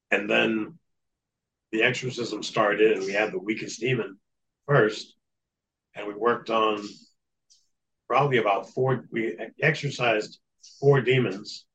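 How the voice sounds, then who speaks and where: A man's voice: lowish voice, a bit bright, slight background noise, poor audio. A man speaking as a guest in an interview, telling a long story in an earnest, matter-of-fact way. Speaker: guest recounting exorcism experience.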